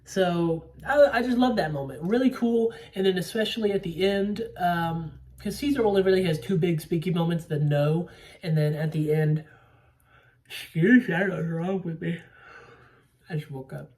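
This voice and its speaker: A man's voice: high-pitched, moderate pace, a little mellow. A young man casually recapping a movie plot, rambling with lots of fillers and the odd swear word. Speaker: movie podcaster. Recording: voice a bit distant from mic.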